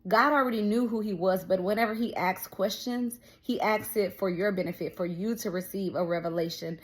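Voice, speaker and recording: A young woman talking straight to her viewers as she shares a personal faith testimony. She tells it casually, fills it with "like" and "um", and acts out what everyone said. Her voice sits at an everyday middle pitch. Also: steady tone, a little fast. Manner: storytelling with many fillers, quoting others. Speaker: faith vlogger.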